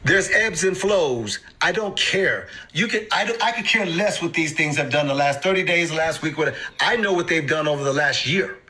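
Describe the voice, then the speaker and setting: Man, fairly high voice with a bright, forceful edge; emphatic street-casual explainer who mimics panicked investors in sudden high bursts. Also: expressive, normal speed, few pauses, rough recording. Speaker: crypto investing host. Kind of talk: animated instructional talk to camera.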